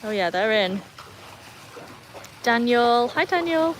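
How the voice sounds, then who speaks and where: A woman with an English accent hosts a casual live stream outside by a pool in the rain, chatting with viewers and talking to her dogs. Her highish voice is expressive and slow, picked up on a phone with slight background noise, faint rain and outdoor ambience.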